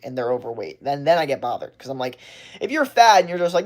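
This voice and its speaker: A man talks straight into his livestream in a blunt, profane rant. He rambles and restarts his sentences, and his pitch swings widely when he acts out other people's excuses in a higher voice. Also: big pitch swings, quick pace. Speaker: livestream host.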